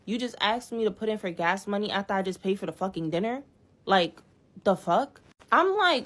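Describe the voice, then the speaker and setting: A woman's voice: on the high side, normal speed, fairly bright tone. Young woman, from New York, casual storytime vlog, profane, exasperated, phone mic.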